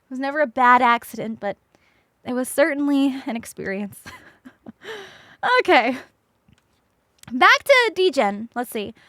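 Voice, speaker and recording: A young woman streams and tells a story to her chat in a casual way. Her voice sits high and swings widely in pitch, and she laughs and swears often. The sound is close and dry. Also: lively intonation, unhurried, long pauses, a bit bright, no echo.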